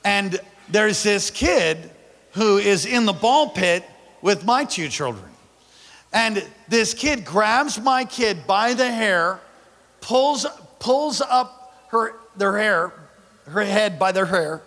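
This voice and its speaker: A male pastor preaches in a high, bright voice that rings through a large reverberant church hall. He tells his stories with animated energy, rising to shouts at the peaks, and keeps calling on the congregation to answer back. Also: takes it slowly. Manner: calls on the congregation to respond. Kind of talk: sermon.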